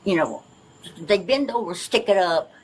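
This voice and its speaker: A woman's voice: medium pitch, animated, a little slow, rough recording. Older woman ranting to police on bodycam. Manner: rambling, insistent, complaining. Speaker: resident questioned by police. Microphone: officer's bodycam. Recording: outdoor bodycam audio with faint noise.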